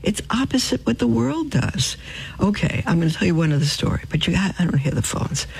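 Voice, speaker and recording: An older woman hosting Catholic radio, telling faith stories with lively whispered emphasis. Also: lowish voice, a little fast, vocal fry, breathy edge, poor audio. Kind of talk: storytelling appeal on radio.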